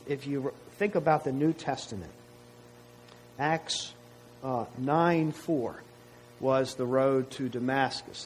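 A man's voice: on the high side, a little hiss or hum, rough recording. A man preaching a sermon to his congregation in a conversational way, often asking rhetorical questions. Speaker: pastor.

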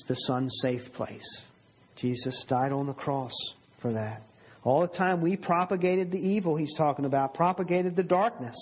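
A man's voice: fairly high pitch, breathy edge, highs cut off. A male pastor preaching a sermon in an earnest, emphatic way, with many rhetorical questions.

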